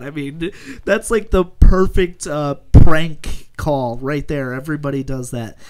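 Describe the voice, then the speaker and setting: A man's voice: a little high, unhurried, darkish tone, clean tone. A young man, a gaming YouTuber, chatting casually and rambling, with frequent laughs and jokes. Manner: rambling, laughing often, joking. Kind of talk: casual commentary over gameplay.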